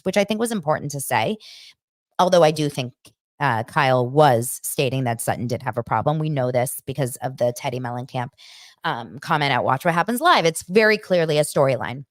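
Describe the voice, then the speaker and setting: A chatty woman with a low voice hosts a casual recap podcast. She talks in an animated way and slips into quick imitations now and then. The sound is dry and close. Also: dry recording. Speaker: podcast host recapping reality TV. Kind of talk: casual chat.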